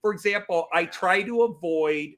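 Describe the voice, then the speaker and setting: Man, bright voice, a bit high, rambling host, lots of restarts. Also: normal speed. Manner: rambling, animated, many restarts. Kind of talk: casual group chat.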